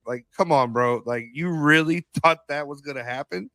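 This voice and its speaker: A man's voice: mid-range voice, brisk, hardly any pauses, no echo. Slangy man telling stories, dry sound. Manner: animated storyteller, acts out quotes, laughs often; slangy, swears. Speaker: podcast co-host. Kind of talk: casual chat.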